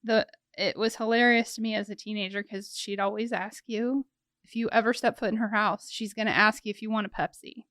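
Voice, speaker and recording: A young adult woman co-hosting a podcast, talking casually in a middle-pitched voice. She rambles and restarts as she tells family stories. The sound is dry and close. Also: fairly even intonation, brisk, a bit bright, no room sound. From American South and Kansas. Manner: rambling, self-interrupting storyteller. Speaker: podcast co-host. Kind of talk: casual chat.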